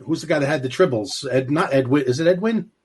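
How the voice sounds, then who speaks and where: An older man co-hosting a podcast, chatting casually in a halting, joking way. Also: a little high, darkish tone, slightly rough. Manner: halting, full of restarts, jokey. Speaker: podcast co-host. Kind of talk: casual chat.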